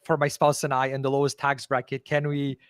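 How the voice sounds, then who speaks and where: Podcast host asking long questions, dry sound. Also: male voice, medium pitch, completely flat delivery, brisk, clean tone, no room sound. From Canada. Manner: thoughtful, long carefully worded questions. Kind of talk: interview questions.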